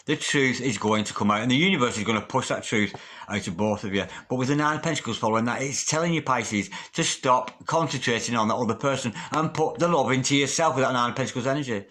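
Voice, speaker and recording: A man's voice: mid-range voice, fairly bright tone. A man giving a tarot card reading in a chatty, emphatic way, swearing casually as he goes. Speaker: tarot reader.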